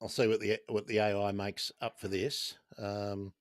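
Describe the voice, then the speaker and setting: A man's voice: on the low side, level tone, moderate pace, no room sound, studio quality. A man with an Australian accent hosting a casual livestream, talking bluntly, swearing and reading viewer comments aloud. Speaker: livestream host.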